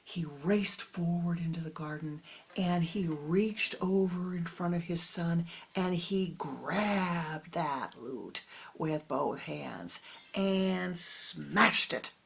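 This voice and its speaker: A woman spiritual teacher tells a story in a dharma talk, slowly and dramatically, often in a half-whisper. Her voice is very breathy and husky, somewhat low, with a gravelly fry. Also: rough recording.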